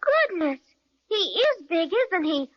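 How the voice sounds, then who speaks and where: A woman voicing a sweet, timid young girl who sounds gentle and easily worried, in a radio play on a dull lo-fi recording. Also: very high voice, very animated, slow pace, exaggerated voice. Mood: wide-eyed, worried.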